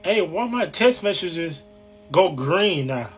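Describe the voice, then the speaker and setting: A man chats straight into his phone, excited and rambling, circling back over the same words. His voice sits fairly high for a man. There is a faint hiss of noise behind him. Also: slow. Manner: excited, rambling, repeats himself. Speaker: man filming himself. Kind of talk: casual selfie narration.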